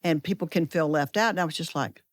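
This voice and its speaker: A woman's voice: low-pitched, quick pace, no echo, studio quality. An older woman from Georgia and Alabama with a Southern accent, a guest telling folksy stories and repeating words as she thinks. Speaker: guest, edtech leader. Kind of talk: casual interview chat.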